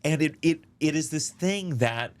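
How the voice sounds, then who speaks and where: A man, a comedian guest, chatting casually and telling animated stories with quoted voices and some swearing. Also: a little high, a little slow. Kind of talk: casual chat, storytelling.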